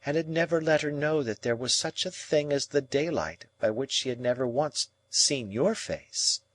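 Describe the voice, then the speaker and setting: A man reading an audiobook, voicing a proud, cool young woman who speaks in measured, cutting reasoning. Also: medium pitch, expressive, no echo, voice pushed up, close to an everyday voice. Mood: musing.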